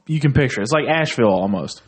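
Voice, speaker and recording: A young man from Tennessee rambles through crude stories in casual podcast chat. His voice sits at an ordinary middle pitch, and he swears freely and laughs often as he talks. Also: lively intonation, very fast, husky. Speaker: podcast co-host.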